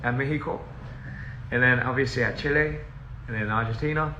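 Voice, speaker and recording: This touring musician talks fast in a pushed, bright, medium-pitched voice, chatting loosely on a phone livestream from a house. He rambles, drifts off topic and laughs often, and the muffled recording carries a roomy echo with faint hiss.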